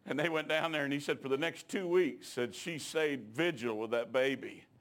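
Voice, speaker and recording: A middle-aged man, preaching a sermon in a folksy storytelling way that builds to shouted exhortation. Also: mid-range voice, normal speed.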